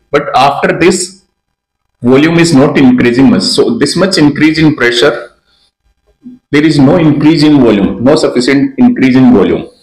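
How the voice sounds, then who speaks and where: A man's voice: medium pitch, echoey room, low-quality recording. A man, a neonatologist explaining ventilator graphics step by step and repeating key terms. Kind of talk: slide lecture.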